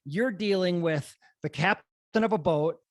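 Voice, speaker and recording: A man's voice: sits high, unhurried, no room sound, studio quality. A man hosting a casual interview, laid-back and encouraging, asking questions. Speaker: podcast host.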